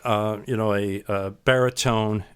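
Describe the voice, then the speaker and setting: A man's voice: lowish voice, fairly even intonation, measured pace, clear, resonant tone. A man guest on a podcast, telling a rambling, self-deprecating story with many fillers and restarts. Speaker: podcast guest, sound artist. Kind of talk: casual storytelling in a podcast interview.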